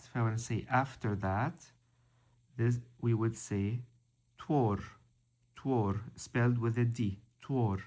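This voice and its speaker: A man teaching a vocabulary lesson, slow and methodical, repeating each word. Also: mid-range voice. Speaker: language teacher.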